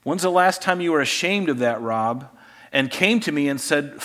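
A pastor delivers an animated sermon, swinging from loud emphasis to quiet asides. His voice sits on the high side and moves at a moderate pace.

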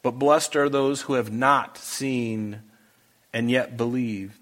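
A male pastor preaching to his congregation in an earnest, emphatic way. His voice sits at an ordinary middle pitch, and he pushes his points home with pleading, rising questions. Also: fairly even intonation, takes it slowly, a bit bright. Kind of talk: sermon. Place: church hall with a congregation.

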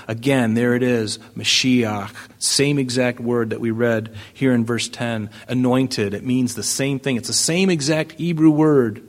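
A man's voice: medium pitch, measured pace, few pauses. A man preaching a sermon, reading scripture aloud and explaining it with rhetorical questions and emphatic declarations. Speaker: pastor.

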